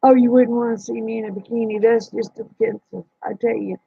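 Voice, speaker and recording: A woman chats with late-night viewers in a folksy, teasing manner. Her voice is husky with some vocal fry. The recording is dry and dull, like lo-fi stream audio. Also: a little high, steady tone, a little fast, no room sound. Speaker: livestream host. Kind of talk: casual late-night livestream chat with viewers.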